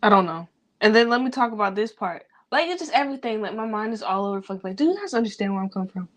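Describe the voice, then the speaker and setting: A woman's voice: mid-range voice, expressive, racing. Woman, grieving, rambling vlog talk, loose, profane, unfiltered. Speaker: vlogger.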